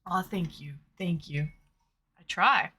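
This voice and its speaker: A woman's voice: on the low side, takes it slowly, sharp tone, breathy edge. A woman from Massachusetts with a Massachusetts accent, hosting a casual livestream and chatting while eating, on a webcam mic. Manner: chatty, reads chat aloud, eats between words. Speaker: streamer hosting online dates.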